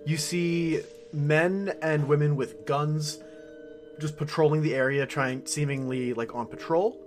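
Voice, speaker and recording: A man runs a tabletop game, narrating off the cuff. His voice sits a touch high, and his speech is loose and full of fillers. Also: fairly even intonation, faint music behind. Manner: casual and filler-heavy, lots of "uh" and "like", quick to laugh. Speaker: game master.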